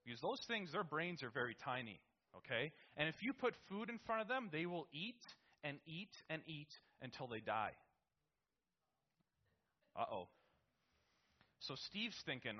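Guy telling a rambly story, kinda high voice, lots of "right?", muffled lo-fi. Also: very animated, moderate pace. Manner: rambling with many restarts and "right?". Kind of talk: casual spoken anecdote.

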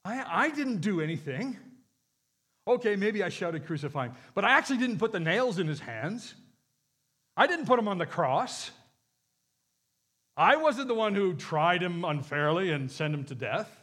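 A man's voice: high-pitched, big pitch swings, moderate pace, pauses often, a bit bright. A man voicing a defensive man in a crowd, hesitant and protesting.

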